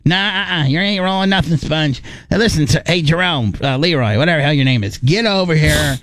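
A man voicing a stubborn, indignant grown man who refuses to keep quiet. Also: fairly high pitch, brisk, no room sound, close to an everyday voice. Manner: insistent, defiant.

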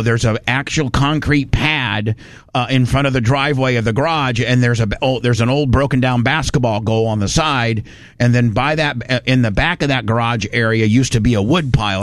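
A man's voice: mid-range voice, dry recording, studio quality. A man from Indiana, telling a rambling, folksy story in casual chat. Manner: rambling, folksy, animated when quoting people.

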